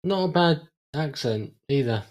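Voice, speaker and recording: A man making quick jokes in a casual podcast film commentary. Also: fairly high pitch, expressive, darkish tone. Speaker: podcast co-host.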